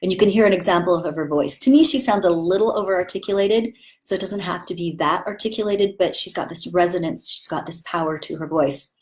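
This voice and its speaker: A woman's voice: on the low side, fairly quick, hardly any pauses, low-quality recording. A woman acting teacher talking casually and with enthusiasm about voice training, demonstrating vowel sounds as she goes.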